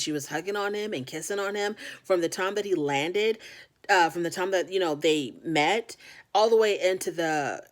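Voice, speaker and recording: A woman hosting a casual reality TV recap, talking frankly and filling her speech with "like" and "you know.". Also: on the low side. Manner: chatty, frank, heavy on fillers like "you know".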